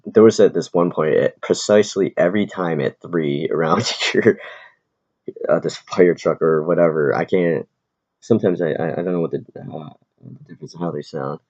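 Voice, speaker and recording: Deep gravelly man ranting profanely. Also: a little mellow. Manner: profane, rambling, quick to anger. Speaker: aspiring comedian and vlogger. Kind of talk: casual rambling rant. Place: big city, in or near Manhattan. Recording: dull lo-fi recording.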